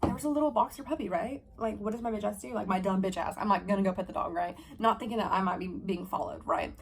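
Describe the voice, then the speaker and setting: A young woman in her twenties telling a story to camera in a fast, profane, animated vlog style, acting out her own heated lines. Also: mid-range voice, slight background noise. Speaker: vlogger. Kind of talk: storytime vlog, casual chat.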